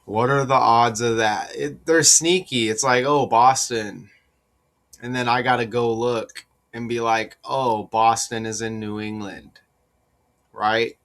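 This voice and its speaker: Guy talking slow and repeating himself about number links, gets insistent. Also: medium pitch. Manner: slow, deliberate, rising to excited insistence; repeats points with rhetorical asides. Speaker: sports numerology commentator. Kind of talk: casual solo commentary.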